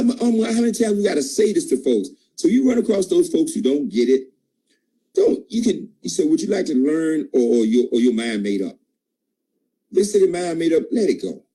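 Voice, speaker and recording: An emphatic man delivers a preachy motivational pep talk to his sales team. His voice is dark and mellow, with a husky edge, and his pitch leaps high when he presses a point. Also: rough recording. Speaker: team leader at a sales call.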